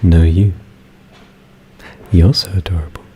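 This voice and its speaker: Low, laid-back British male streamer. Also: steady tone, a little slow, dark tone, slight background noise. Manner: laid-back and giggly, rambling with fillers. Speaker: ASMR streamer. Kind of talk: casual live-stream chat, reading chat.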